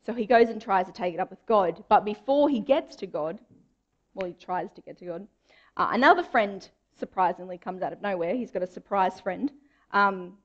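A woman's voice: medium pitch, normal speed, muffled recording. A young woman giving a chatty, informal sermon in a church. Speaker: preacher.

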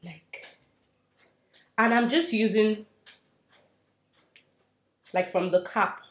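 A young woman doing a casual makeup tutorial, chatty and self-mocking, dropping to soft murmurs as she works. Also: medium pitch, extremely slow. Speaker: beauty vlogger. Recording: roomy echo, faint hiss.

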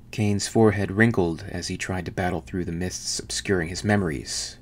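A man narrating a novel in an even, measured audiobook reading. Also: low-pitched.

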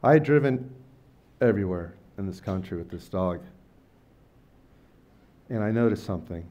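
A middle-aged man with a fairly low voice tells stories to a live audience at a lecture night. His talk is loose and rambling and full of slang. When he quotes someone he jumps up in pitch and volume. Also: lively intonation, normal speed, mellow. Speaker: lecture speaker. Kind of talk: casual storytelling talk.

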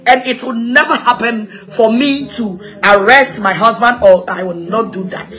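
A Ghanaian woman evangelist giving an impassioned, animated address, repeating herself and laughing between points. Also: a little high, unhurried, faint music behind. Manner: animated, repetitive, mixing local-language phrases, laughing asides. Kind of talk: impassioned social media address.

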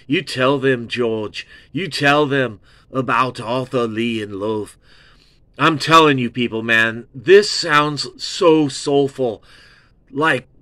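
A man hosting an album review show, gushing and excitable, repeating himself and swearing freely. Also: medium pitch, no echo. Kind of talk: rambling casual album review.

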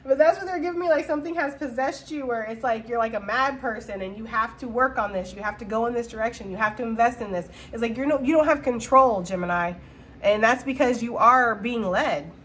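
A woman giving a casual, slangy tarot reading to her viewers, talking in an animated way with frequent laughter. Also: on the high side, a little fast, slight background noise. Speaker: tarot reader.

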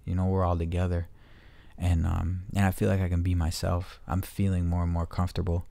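Sitting low and delivered completely flat, this man's mellow, gravelly voice moves fairly quickly over a dry recording. As a home podcast host, he rambles casually, cursing freely but speaking from the heart.

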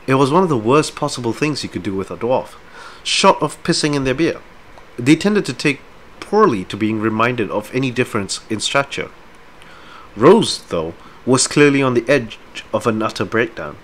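A man on a live stream chats casually with viewers and reads a book aloud, rambling with fillers but turning lively when reading. His voice is mid-range at a moderate pace, with slight background noise.

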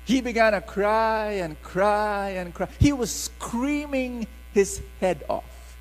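A middle-aged man, preaching a sermon in an animated call-and-response style. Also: high voice, takes it slowly, big-room sound, poor audio.

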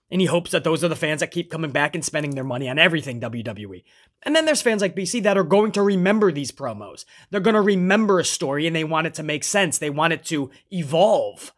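Dude with a kinda high voice ranting through a wrestling recap, swears a lot, keeps saying man. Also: fairly bright tone. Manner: swears freely, ends phrases with "man"; refers to himself in the third person. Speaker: wrestling show reviewer. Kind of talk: casual recap commentary.

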